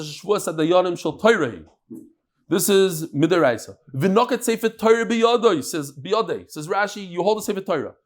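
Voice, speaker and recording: A man teaching a daily Talmud class in a lively way, mixing Aramaic terms into English and telling jokes to his listeners. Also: high-pitched.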